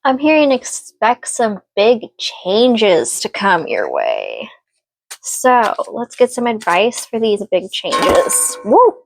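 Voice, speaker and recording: A woman's voice: medium pitch, wildly swooping pitch, slow pace, vocal fry, no echo. Earnest woman giving a tarot reading. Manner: earnest, emotional and reassuring. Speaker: tarot reader. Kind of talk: casual spoken tarot reading.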